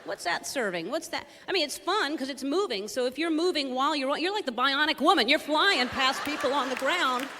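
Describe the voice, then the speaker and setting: A woman's voice: sits high, animated, brisk, hardly any pauses, pushed and bright, long reverb tail, some chatter behind, slight background noise. A woman doing observational stand-up on a theater stage, wry and questioning in her delivery. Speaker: stand-up comedian.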